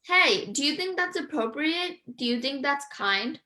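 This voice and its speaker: A woman's voice: sits high, animated, a little slow, pushed and bright, pitched above the performer's own voice, exaggerated voice. A woman reading aloud as a schoolgirl who stands up to bullies, polite but firm.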